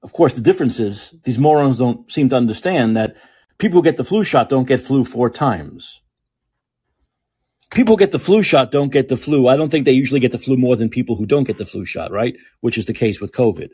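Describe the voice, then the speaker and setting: Husky, profane man ranting. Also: mid-range voice, expressive, a little fast, warm tone. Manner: angry, profane, sarcastic ranting. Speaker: podcast host. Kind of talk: ranting political commentary.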